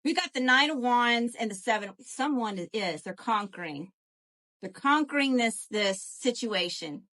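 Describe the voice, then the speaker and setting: Brief: woman tarot reader, slightly high voice, lively and profane, chats to viewers live. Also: a little slow. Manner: animated, profane, addresses viewers as y'all.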